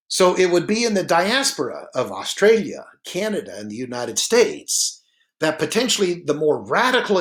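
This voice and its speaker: A man narrating a slideshow lecture in a relaxed, explanatory way, with frequent filler sounds, sometimes stretching words slowly for emphasis. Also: fairly high pitch.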